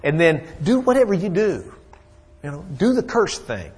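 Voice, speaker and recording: A man's voice: sits high, sing-song, normal speed, darkish tone, husky, heavily acted. An ancient king, as a man puts him on while teaching, speaks casually, offhand about the job he wants done. The voice stays close to an ordinary conversational tone.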